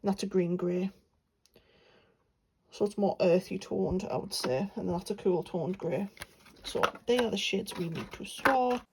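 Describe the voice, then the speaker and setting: Chatty young woman with a mellow voice. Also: mid-range voice, measured pace, slight background noise, poor audio. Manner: chatty, rambling, many fillers. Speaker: art vlogger. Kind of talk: casual chat while swatching paints.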